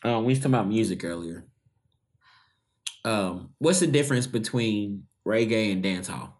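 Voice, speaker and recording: A man's voice: fairly low pitch, normal speed. Joking young man in casual chat. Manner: joking, animated, swears freely. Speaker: podcast co-host.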